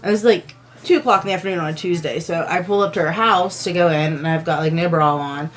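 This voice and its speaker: A woman's voice: fairly low pitch, fast. Brief: young woman podcast co-host, casual profane storyteller, laughs a lot. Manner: laughing, profane, lots of "like" fillers.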